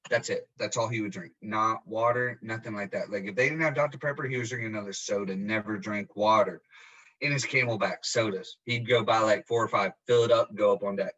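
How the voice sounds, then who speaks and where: A man's voice: lowish voice, a little fast, a bit bright, lo-fi sound. A young man hosting a casual podcast from home, telling loose, profane stories. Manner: laid-back, profane storytelling. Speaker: podcast host. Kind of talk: casual chat.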